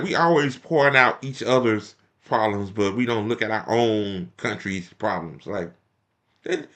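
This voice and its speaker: A man's voice: mid-range voice, bright, forceful tone. A man giving profane, mocking reaction commentary, laughing often. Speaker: commentary streamer reacting to a speech.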